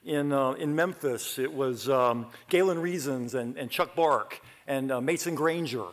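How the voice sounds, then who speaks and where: A middle-aged man from Georgia, giving a humorous acceptance speech full of lively asides. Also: mid-range voice, measured pace. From Athens, Georgia, US. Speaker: award honoree giving a speech.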